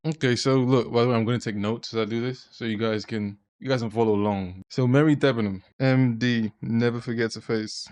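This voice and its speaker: A man's voice: mid-range voice, steady tone, brisk, few pauses, a little mellow, clear, resonant tone. A young man chatting and joking as he reacts to a film, swearing freely. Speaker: reaction video host. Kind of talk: casual reaction commentary.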